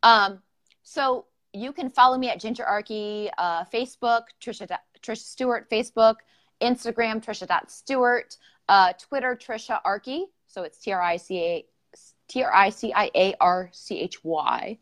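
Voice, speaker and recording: A woman's voice: mid-range voice, moderate pace. Bubbly chatty woman hosting a live podcast. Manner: bubbly, chatty, filler-heavy. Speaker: podcast host. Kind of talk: informal live-streamed interview.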